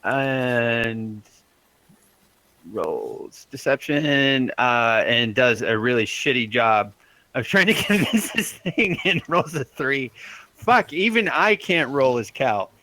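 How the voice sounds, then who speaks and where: A man's voice: mid-range voice, lively intonation, a little slow, pushed and bright, no echo, low-quality recording. A man running a tabletop game as game master, loose and laughing, with lots of fillers.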